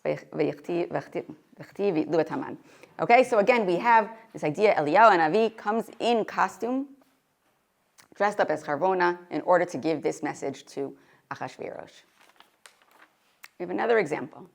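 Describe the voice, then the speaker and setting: A woman's voice: fairly low pitch, moderate pace, vocal fry. A woman giving a Torah lecture to a live audience, reading Hebrew sources aloud and translating them, often asking questions. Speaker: Torah teacher.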